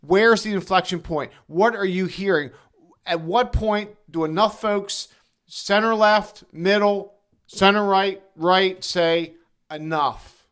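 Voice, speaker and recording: A man co-hosting a podcast talks in rhetorical questions and emphatic lists. His voice sits fairly high for a man. He pushes his points with rising emphasis. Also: takes it slowly, fairly bright tone, smooth. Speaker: podcast co-host, former governor. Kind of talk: podcast conversation.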